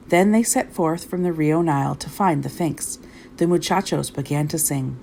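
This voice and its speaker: A woman reading a children's storybook aloud with lively, expressive narration. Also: low-pitched, moderate pace, creaky, slight background noise. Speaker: storybook reader.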